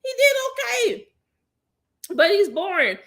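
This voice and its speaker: A woman's voice: very high-pitched, very animated, unhurried, a bit bright. A woman hosting a podcast in casual group chat, blunt and joking, often laughing. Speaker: podcast host.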